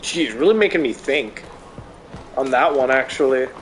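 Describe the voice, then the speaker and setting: A man's voice: mid-range voice, moderate pace, soft background music. A man streaming a game, chatting casually and ranting with plenty of swearing. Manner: profane, animated ranting. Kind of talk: casual chat while gaming.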